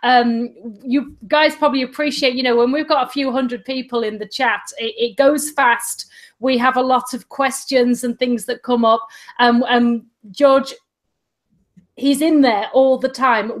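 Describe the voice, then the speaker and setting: A woman's voice: a little high, steady tone, normal speed. A woman co-hosting a casual livestream chat, friendly and a little hesitant. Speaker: livestream co-host.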